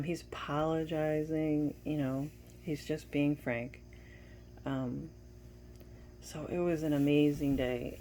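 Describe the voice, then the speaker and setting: A woman's voice: low voice, warm tone, a little hiss or hum. A woman giving a casual personal update to viewers, telling a story and retelling dialogue with bits of laughter. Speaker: wife giving a family update.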